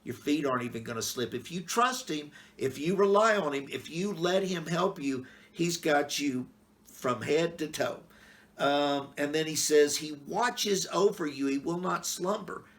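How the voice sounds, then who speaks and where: A man's voice: on the high side, animated, unhurried, fairly bright tone. A middle-aged man, a pastor, giving a casual, plain-spoken devotional talk on a Bible passage in a folksy, conversational way.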